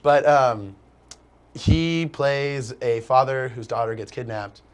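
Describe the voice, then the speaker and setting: A young man telling a long story as a guest in a casual chat, animated and rambling, with "like" in nearly every phrase. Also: medium pitch, slow, clear, resonant tone.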